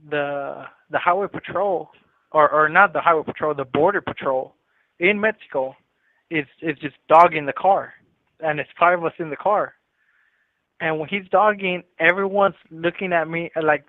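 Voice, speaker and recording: A man's voice: a little high, no echo. Man telling a story over a tinny phone. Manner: loose street slang, repeats himself. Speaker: incarcerated caller. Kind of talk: casual storytelling on a phone call. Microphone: prison phone. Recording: tinny dry prison phone line.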